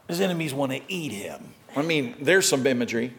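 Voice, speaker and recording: A man preaching a sermon as pastor, animated, with dramatic swings in loudness and emphasis. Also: medium pitch, a little fast, few pauses.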